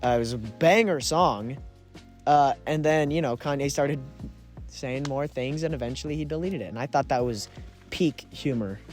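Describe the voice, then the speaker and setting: A young man co-hosting a podcast, casually telling a story with frequent laughs and quick asides. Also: mid-range voice, faint music behind. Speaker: podcast co-host. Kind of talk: casual chat.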